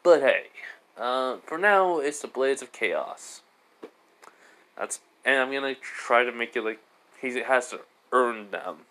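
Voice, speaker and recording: A man's voice: mid-range voice, animated, takes it slowly, fairly bright tone. A man narrating an improvised fan story in a rambling way, leaning on "basically" and "he goes".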